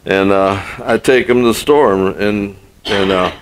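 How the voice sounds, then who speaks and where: A man's voice: fairly low pitch, measured pace, poor audio. An older man preaching a sermon as pastor, telling folksy stories and repeating phrases for emphasis.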